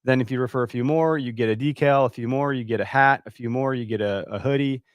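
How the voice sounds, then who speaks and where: Early one morning at home, a Wisconsin man who hosts a hunting podcast chats casually on a live stream from his computer. His medium-pitched voice is clean and fast, a little breathless and stuffy-nosed, rambling with plenty of fillers as he stops to read viewer comments aloud. The mic sits close and dry, with no echo from the room.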